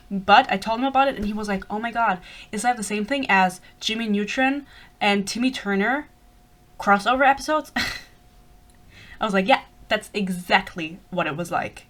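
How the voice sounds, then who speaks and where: A woman in her twenties from Germany, speaking English with a light German accent, rambling excitedly in a casual book podcast chat and swearing freely. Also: mid-range voice. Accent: German-influenced English. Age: 20s. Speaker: podcast host.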